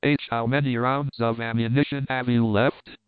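A man's voice: medium pitch, level tone, normal speed, clean tone, no room sound, close to an everyday voice. A man reading as a bold commanding jungle hero. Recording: dry, tinny phone-like sound.

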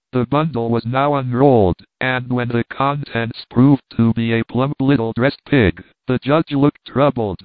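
A man reads a classic storybook aloud at a steady, even pace, in a mid-pitched voice. The sound is narrow and tinny like a phone line, and completely dry with no room at all. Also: dry recording. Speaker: narrator. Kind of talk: audiobook narration.

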